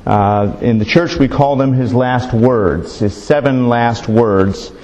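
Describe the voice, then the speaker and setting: Warm-voiced man preaching in a reverberant hall. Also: medium pitch, slow. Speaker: pastor. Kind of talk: sermon. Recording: long reverb of a large hall.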